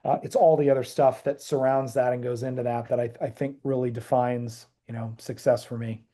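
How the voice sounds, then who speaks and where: A middle-aged man, a band director, giving earnest, halting interview answers with many restarts. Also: medium pitch, level tone, mellow. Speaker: high school band director, guest.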